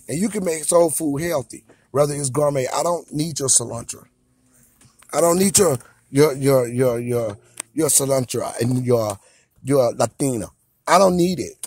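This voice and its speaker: A man's voice: mid-range voice, a little mellow, breathy edge, no room sound. An American man and father delivering a heated, repetitive, confrontational rant straight to camera. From United States. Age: adult father of a young son. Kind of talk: ranting monologue to camera.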